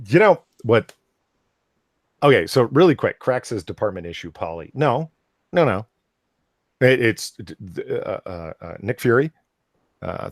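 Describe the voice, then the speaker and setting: A man's voice: low-pitched, no echo, studio quality. A man hosting a casual comics livestream, rambling with lots of fillers and nerdy asides. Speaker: podcast host.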